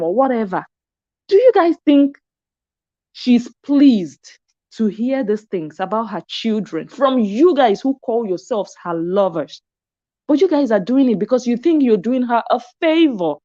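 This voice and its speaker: A woman's voice: a little high, a little mellow, dull audio. A woman giving casual commentary, chatty and reflective. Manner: chatty and reflective, with frequent "hmm" reactions. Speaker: commentary vlogger.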